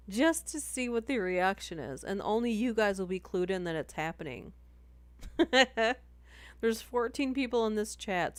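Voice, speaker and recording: A woman's voice: lowish voice, smooth, no room sound. A woman streaming, chatting casually between horror story readings, giggly and full of "like". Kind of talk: casual livestream chat.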